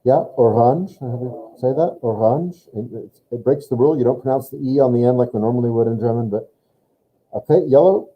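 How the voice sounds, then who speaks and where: A man's voice: medium pitch, fairly quick, slightly rough. A man teaching a German lesson, patiently explaining grammar step by step and prompting a student. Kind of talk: online language lesson. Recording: tinny phone-like line.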